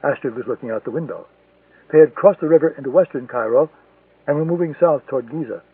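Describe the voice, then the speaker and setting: A man narrating a thriller audiobook in a steady, measured storytelling manner. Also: fairly high pitch, breathy edge, dry recording. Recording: tinny, distant, dry lo-fi recording.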